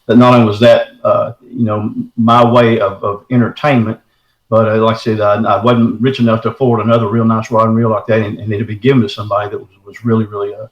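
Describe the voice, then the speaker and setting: Calling in to tell his story, an earnest middle-aged man from around Texarkana in the American South talks quickly in a lowish voice with little pitch movement. He's folksy and keeps saying "man," and the audio is echoey.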